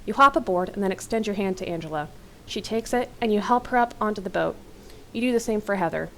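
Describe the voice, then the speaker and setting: A woman's voice: medium pitch, fast talker, slight background noise, poor audio. A young adult woman reading an interactive horror novel aloud as a let's-play host, with casual, wry asides.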